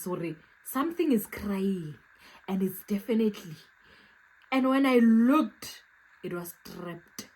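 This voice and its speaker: A young South African woman with a South African accent, telling a storytime vlog with animated, dramatic acted-out reactions. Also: fairly high pitch, poor audio. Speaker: YouTuber.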